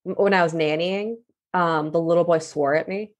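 Lower-voiced woman guest. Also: normal speed. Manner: relaxed, conversational anecdotes with fillers. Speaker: podcast guest. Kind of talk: casual chat.

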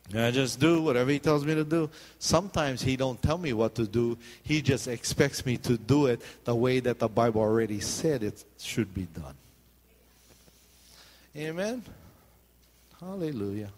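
A male pastor delivering a sermon. He jokes as he goes and keeps calling out for the congregation to answer him. His voice sits at a typical middle pitch. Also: long reverb tail. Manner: joking, calls out for "amen" responses.

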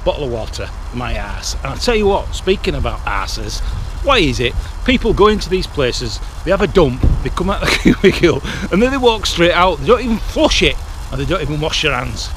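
A man's voice: on the high side, sing-song, fairly quick, hardly any pauses. A middle-aged man with a Yorkshire accent, vlogging his travels in a grumbling, crude, swearing manner. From Yorkshire, England. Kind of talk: casual travel vlog. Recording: loud background noise, outdoors and in car.

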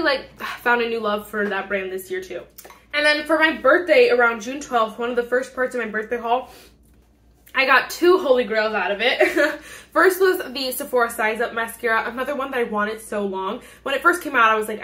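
A woman's voice: a little high, sharp tone. A young woman vlogging casual beauty product reviews, gushing and bubbly with lots of fillers and laughter, recorded on a phone camera.

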